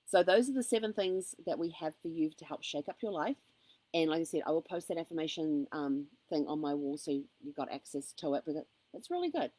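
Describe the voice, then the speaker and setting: A woman's voice: sits low, animated, brisk, warm tone, no room sound, low-quality recording. A woman giving an upbeat, encouraging motivational vlog to camera, with frequent ums. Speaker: motivational vlogger. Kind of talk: casual motivational talk to camera.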